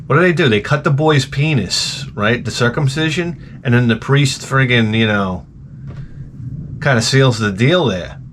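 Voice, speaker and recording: A man hosts a rambling, foul-mouthed casual podcast, ranting and often mimicking people in mocking voices. He speaks in a mid-range voice at a measured pace, with slight background noise.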